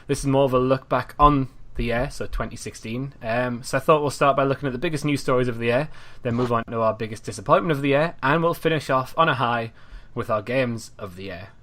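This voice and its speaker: A man hosting a casual gaming podcast, chatty and relaxed, often trailing off quietly at the ends of his sentences. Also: medium pitch, fairly quick, few pauses. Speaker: podcast host.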